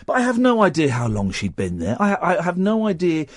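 A man hosting a radio show, telling a personal story while close to tears, halting and restarting often. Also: a little high, wildly swooping pitch, no echo. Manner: halting and tearful, with many restarts. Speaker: radio host.

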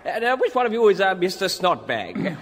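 A man's voice: sits high, big pitch swings, normal speed, heavy background noise. A man playing a bumbling, fussy male announcer in a radio comedy sketch, hesitating and stammering.

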